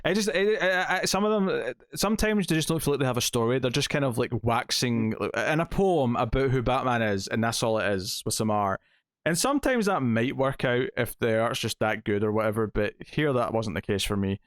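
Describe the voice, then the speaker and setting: Retelling a comic's plot for a review podcast, this male co-host talks a little fast in an animated mid-range voice. His casual chat features acted quotes and frequent fillers, captured with clean studio sound and no room sound.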